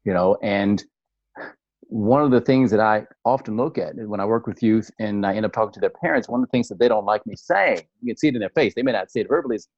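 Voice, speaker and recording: A man's voice: on the low side, fast, a little mellow, no echo. A man who works with young people, talking on a podcast in an earnest way and often repeating words as he gathers his thoughts. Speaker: youth coach guest. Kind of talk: conversational podcast talk. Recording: dull dry lo-fi sound.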